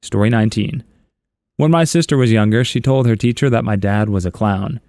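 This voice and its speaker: A man's voice: lowish voice, brisk, a little mellow, no room sound. A man reading internet stories aloud, chuckling and adding wry asides on a close voice-over mic. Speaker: story narrator.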